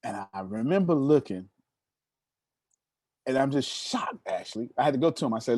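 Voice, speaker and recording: Man in his thirties, mid-pitched motivational speaker, animated and teasing with his audience, dry close mic. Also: fairly quick, pauses often, no echo. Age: 30s. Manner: animated, addresses the listeners directly and teases them. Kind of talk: storytelling talk to an audience.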